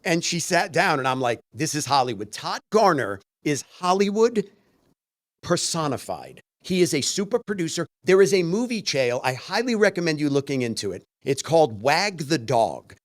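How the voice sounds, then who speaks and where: Animated storytelling man, lively pitch. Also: moderate pace, no room sound, clean studio sound. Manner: animated storyteller, acts out quoted voices. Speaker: podcast co-host. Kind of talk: casual podcast chat.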